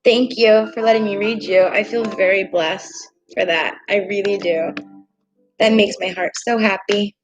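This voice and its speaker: Excitable woman over meditation music. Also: mid-range voice, a little slow, poor audio. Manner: bubbly and gushing, excitable. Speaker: tarot reader. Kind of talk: live tarot reading stream. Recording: clear music bed behind voice. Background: soft meditation music.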